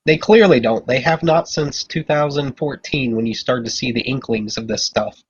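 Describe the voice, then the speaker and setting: A man talks bluntly in a casual podcast chat, airing his complaints without softening them. His voice sits in a middle pitch range. The audio is dull and lo-fi, as if the top end has been muffled. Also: normal speed, slightly rough.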